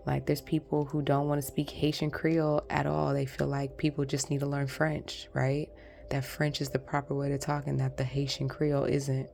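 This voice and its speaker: A woman reads tarot cards for her viewers in a loose, rambling, chatty way. Her voice sits low and has a gravelly fry to it. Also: monotone, normal speed, darkish tone. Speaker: tarot reader. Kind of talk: casual pick-a-card tarot reading.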